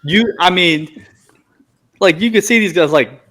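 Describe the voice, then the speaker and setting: A man's voice: high voice, takes it slowly, long pauses. A man, a former ballplayer, telling a clubhouse story in casual chat, laughing and acting out the quotes. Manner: animated, laughing, acts out quotes. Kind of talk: casual storytelling among friends.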